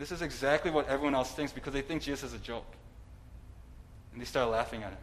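A man's voice: mid-range voice, quick pace, long pauses, low-quality recording. Man preaching a conversational sermon. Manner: conversational preaching with humor and fillers.

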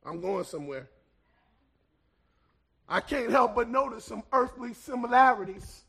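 A man preaching in an unusually high, gravelly voice, his delivery slow and deliberate. He swells into ringing shouts, then falls to near-hushed asides, with a bright, forceful edge on the loud peaks. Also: lively intonation. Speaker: pastor. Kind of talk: sermon.

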